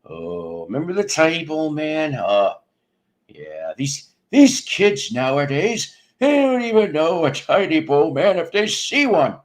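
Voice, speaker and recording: A man's voice: fairly high pitch, sing-song, a little slow. A man hosting a casual livestream, chatting with viewers in a rambling, jokey way, cracking crude jokes and laughing at them. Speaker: livestream host. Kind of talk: casual chat with live viewers.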